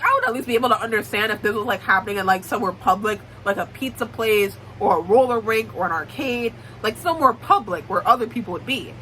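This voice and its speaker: Young woman ranting about a book plot, bright voice, cussing and joking. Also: on the high side, slight background noise, low-quality recording. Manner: blunt, profane, joking commentary. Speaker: book YouTuber. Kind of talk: casual book recap.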